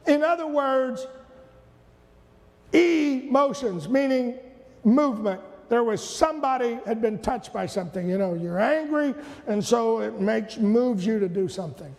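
High-voiced older preacher in a big hall. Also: male voice, lively intonation, a little slow. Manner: preaching with shouted peaks and playful asides. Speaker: pastor. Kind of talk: sermon. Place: church sanctuary.

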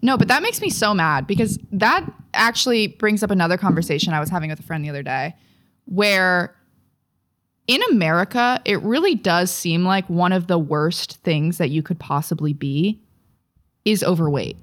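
A young woman co-hosting a podcast in casual chat, animated and exaggerated, swearing freely as she tells a story. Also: on the low side, moderate pace. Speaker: podcast co-host.

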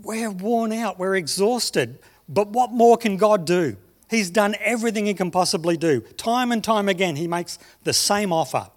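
A man preaching a sermon, telling stories and slowing down on key phrases. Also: high voice, lively intonation. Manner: storytelling, slows down for emphasis. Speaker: pastor.

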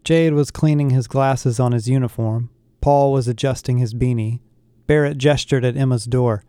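A man narrating a first-person story in a steady storytelling delivery. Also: mid-range voice, moderate pace, clean tone, dry recording, clean studio sound. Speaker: audiobook narrator.

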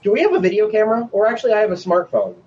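Animated player guy, fairly high voice, sounds far off on a muffled line with some hiss. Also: very fast. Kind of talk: casual tabletop play. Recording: distant dull call audio with faint hiss.

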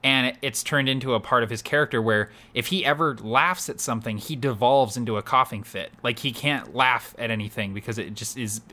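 A man in a casual podcast chat, animated and rambling, full of fillers. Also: medium pitch, brisk, few pauses. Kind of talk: casual chat about voicing game characters.

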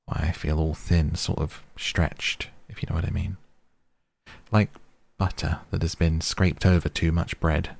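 A man's voice: deep voice, little pitch movement, measured pace, creaky, heavily acted. A man voicing a restless, possessive aging male hobbit who talks in a fussy, defensive way. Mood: wistful. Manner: fussy, turns snappish and defensive.

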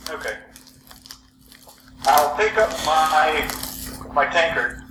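Casting: man as a player in a tabletop game, heard from a distance in an echoey room with clear noise behind. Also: a little high, lively intonation, slow pace. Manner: casual, stops and restarts his sentences. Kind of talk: playing a character in a tabletop game.

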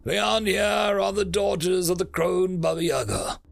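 A man's voice: high voice, unhurried, creaky, soft background music, pitched above the performer's own voice, full character voice. Man doing a bulky loyal cyborg. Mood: solemn. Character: bulky crude male mining cyborg, loyal and blunt.

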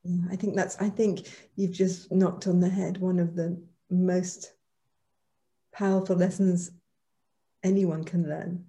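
A woman guest in a reflective conversation, speaking in a measured, affirming way. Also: lowish voice, little pitch movement, dark tone.

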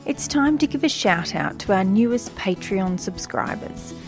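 A woman's voice: medium pitch, expressive, unhurried, over music. A woman with an Australian accent, hosting a podcast and introducing the episode in an earnest, grateful way. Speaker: podcast host.

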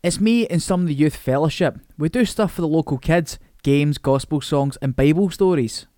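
A man's voice: a little high, normal speed, warm tone, no echo, clean studio sound, close to an everyday voice. A man voicing an earnest, churchgoing teenage schoolboy with a mild, sly manner.

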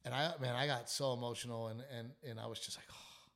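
A man who hosts a podcast, worn down by illness and lost sleep, tells a wild story in casual chat. He swears freely, trails off and restarts his sentences. His voice sits at an ordinary middle pitch. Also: steady tone, quick pace, fairly bright tone. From South Texas. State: sick, short on sleep. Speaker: comedian and podcast host.

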